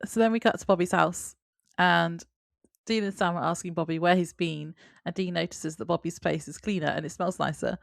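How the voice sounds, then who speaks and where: A woman's voice: lowish voice, fairly even intonation, brisk, gravelly, no echo, clean studio sound. A woman co-hosting a podcast, chatting casually about a TV episode and laughing often. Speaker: podcast co-host. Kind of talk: casual chat recapping a TV episode.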